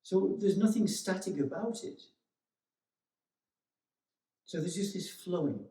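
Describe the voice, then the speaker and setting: A meditation teacher speaks gently and reflectively, with frequent pauses and restarts. His voice sits a little higher than most men's yet sounds mellow and relaxed. He is heard from a distance in a roomy, echoey space. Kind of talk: dharma talk. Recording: echoey room, voice from far off.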